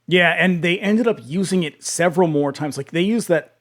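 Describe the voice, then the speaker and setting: A man's voice: high-pitched, normal speed. A man co-hosting a podcast, chatting casually about an old film and adding behind-the-scenes trivia. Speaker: podcast co-host.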